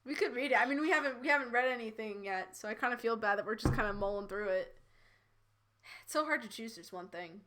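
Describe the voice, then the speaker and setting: A woman's voice: a little high, fast talker, background noise. A young woman co-hosting a comedic fanfic reading, giggly and sarcastic, rambling with frequent restarts. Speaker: podcast co-host.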